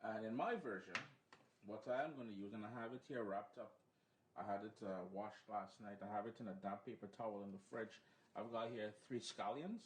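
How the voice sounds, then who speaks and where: A man hosting a relaxed, chatty cooking demonstration at home, explaining each step. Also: lowish voice, fairly quick. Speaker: cooking show host. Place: home kitchen, then living room. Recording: echoey room, faint background noise.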